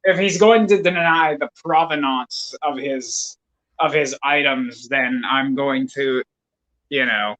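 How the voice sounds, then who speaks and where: A man's voice: mid-range voice, takes it slowly, a bit bright, poor audio. A man chatting casually as a podcast guest, rambling through digressions with wry asides. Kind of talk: casual chat.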